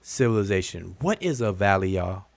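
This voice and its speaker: A deep, gravelly male voice at a moderate pace, recorded dry. He hosts a live-stream lesson, speaking directly to viewers with heavy repetition and pointed questions. Animated, he keeps saying "look, look" and calls his audience "y'all" and "family."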